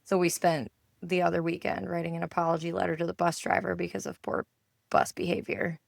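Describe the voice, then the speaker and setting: A woman co-host in a relaxed podcast chat, her voice hoarse and full of gravel. She sits a little low in pitch and acts out the people in her stories, and the sound is dry and close. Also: a little fast, no room sound. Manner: storytelling, acts out quoted dialogue. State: hoarse from yelling. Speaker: podcast co-host and enneagram coach. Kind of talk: casual chat.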